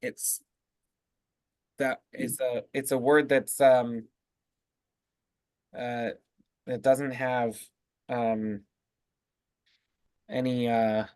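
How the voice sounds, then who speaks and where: A man teaching as a rabbi, explaining word meanings in a halting way full of fillers and restarts. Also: medium pitch, flat delivery, a little mellow, smooth, dry recording. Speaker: rabbi leading a text study. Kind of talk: casual teaching discussion.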